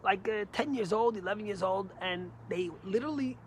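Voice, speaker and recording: A man, a rabbi, giving a short Torah lesson through stories, animated and emphatic with big swings in pitch and loudness. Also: brisk, a little hiss or hum. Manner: energetic, emphatic.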